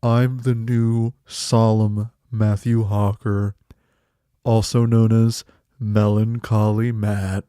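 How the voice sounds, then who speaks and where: A man voicing a gloomy, solemn male stand-in host who talks slowly and flatly in a mournful way, as a comedy podcast bit. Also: on the low side, clean tone, no room sound, studio quality. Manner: slow, flat, mournful delivery.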